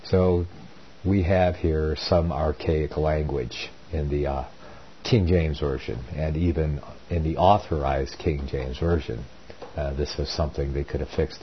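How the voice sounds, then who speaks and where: A man's voice: very deep voice, slight background noise. A man hosting a Bible reading show, reading old scripture aloud and explaining it in a rambling, folksy way with many self-corrections. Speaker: Bible teacher, host. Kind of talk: informal Bible reading and commentary. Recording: dull lo-fi recording.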